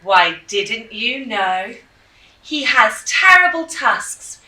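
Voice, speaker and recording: A woman puts on a plucky little mouse for a picture-book tale, her voice pitched up high and bright, lingering over each word with relish. The sound is roomy, with the mic set back. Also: big pitch swings, very slow, heavily acted. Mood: bold. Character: small clever mouse, bold and cheerful. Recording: roomy, slightly distant mic.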